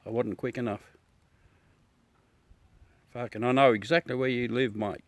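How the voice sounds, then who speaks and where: An Australian man talks to his live viewers in an easy, off-the-cuff way at a middling pitch. He is blunt and ranty, and swears freely. His voice is close and dry, with no room sound around it. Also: fairly even intonation, a little slow, dry recording. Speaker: livestream host. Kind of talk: casual chat with live viewers.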